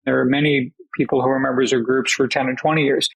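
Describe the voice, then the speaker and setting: A man appearing as a podcast guest, explaining ideas in a measured way during a casual conversation. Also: mid-range voice, little pitch movement, vocal fry, husky, rough recording. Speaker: podcast guest, peer-group expert.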